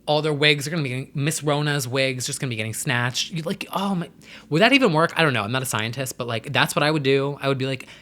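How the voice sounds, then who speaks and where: A man's voice: medium pitch, fast, sharp tone. A young man hosting his own vlog, talking in a rambling, chatty way with sassy slang. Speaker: vlogger host. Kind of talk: casual chat to camera.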